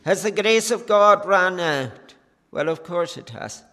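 Male preacher, earnest pleading sermon delivery, unhurried, long reverb from a church hall. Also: high-pitched, animated, bright, forceful tone.

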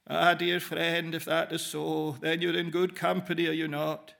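A man preaching a sermon in measured phrases with frequent pauses, speaking directly to the listeners as "dear friend". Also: on the high side, level tone, gravelly, a bit bright.

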